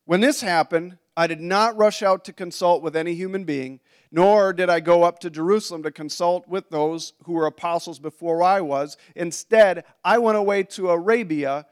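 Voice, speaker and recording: A man's voice: high voice, normal speed, hardly any pauses, clear, resonant tone. A man preaching a conversational sermon to a congregation, with asides and restarts. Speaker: pastor.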